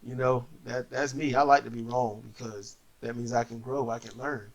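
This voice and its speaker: A man casually recapping wrestling matches as a co-host, telling it in an animated way and acting out the wrestlers. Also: moderate pace. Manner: animated storyteller, acts out wrestlers in high voices.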